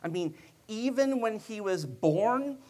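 A man's voice: high-pitched, animated, takes it slowly, warm tone. A male preacher delivering a sermon in a conversational storytelling style, with joking asides to his listeners.

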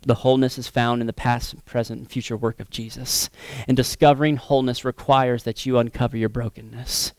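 A pastor preaching a sermon in an earnest manner, swinging between emphatic, raised passages and soft, hushed ones. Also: male voice, mid-range voice, flat delivery, brisk, no room sound.

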